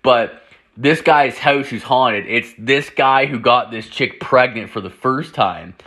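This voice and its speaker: A young man with a bright, edgy tone tells a long crude anecdote in loose, casual chat. He swears constantly and packs his talk with fillers. He quotes both himself and his friend as the story goes. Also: medium pitch, slow pace. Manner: profane, rambling, quotes friends in dialogue with many fillers.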